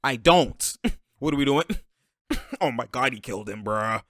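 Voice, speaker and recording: A man hosting a basketball film breakdown, talking in an animated, slangy way, laughing often and calling out to the players on screen. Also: mid-range voice, normal speed, no echo, clean studio sound. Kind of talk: excited play-by-play breakdown commentary.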